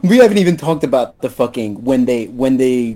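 Guy on a movie podcast, hyped up, swears a lot, mellow dark voice. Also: mid-range voice, a little fast. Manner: excitable, swears often. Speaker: podcast co-host. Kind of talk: casual movie discussion.

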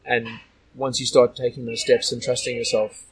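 A man's voice: medium pitch, level tone, normal speed, breathy edge, poor audio. A man from Australia telling stories as a guest in a casual interview, rambling with lots of "like" and "you know".

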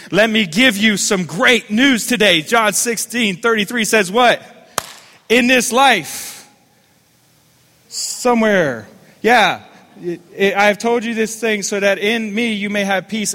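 A man's voice: sits high, bright, forceful tone, big-room sound. A man preaching a sermon as the pastor of a church, calling on listeners to repeat phrases back to him. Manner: fervent preaching with call-and-response.

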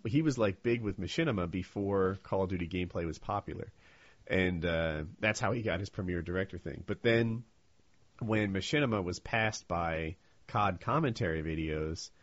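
A man with a low, husky voice rambles through a story for his fellow podcast hosts, pitch rising and falling freely. He restarts his sentences often. The recording is dry and slightly dull. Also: moderate pace, dry recording. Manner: rambling, explains with many restarts. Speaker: podcast co-host. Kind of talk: casual group chat. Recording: dull lo-fi sound.

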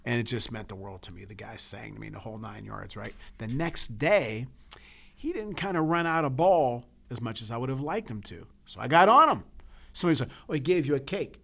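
Gravelly-voiced coach guy chatting, gets emotional, stumbles and repeats himself a lot. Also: medium pitch, lively intonation, brisk, bright, forceful tone. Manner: emotional, repeats words and restarts, tells stories. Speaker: coach and podcast co-host. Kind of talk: casual chat.

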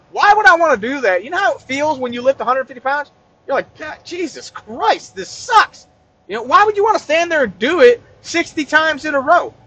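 Male comic, high lively voice, rambling and profane. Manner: rambling, profane, deadpan asides. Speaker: comedian. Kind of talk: comic rant.

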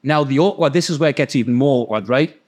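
A man with a Geordie accent, hosting a podcast and telling a story in a sweary, animated way. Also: medium pitch, quick pace. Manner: sweary, animated, acts out the people in his stories. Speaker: podcast host. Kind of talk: casual storytelling.

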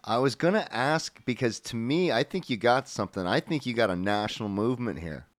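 A man's voice: mid-range voice, animated, brisk, dry recording. A man hosting a podcast in casual interview chat, talking with enthusiasm and often repeating words as he goes. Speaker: podcast host.

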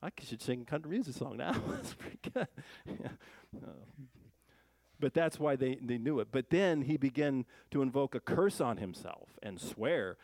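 A male Bible teacher with a gravelly, low-textured voice, recorded close and dry. He reads scripture aloud, then comments on it in a loose, conversational way. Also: animated, moderate pace, darkish tone, no echo. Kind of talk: casual verse-by-verse Bible teaching.

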